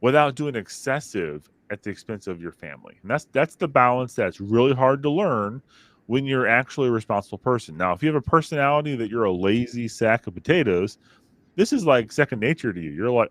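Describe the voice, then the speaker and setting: Lively rambling dad telling stories. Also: male voice, mid-range voice, a little fast, no room sound. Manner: rambling, animated storytelling with acted-out quotes. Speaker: podcast co-host. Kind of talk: casual chat. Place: home office in basement. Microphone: studio microphone.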